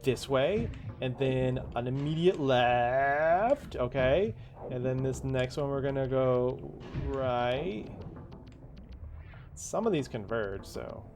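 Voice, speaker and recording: A man's voice: medium pitch, expressive, takes it slowly, darkish tone, a little hiss or hum. Man muttering through a game session. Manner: muttering directions to himself, chuckling, sudden exclamations. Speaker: gaming streamer. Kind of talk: casual let's-play commentary.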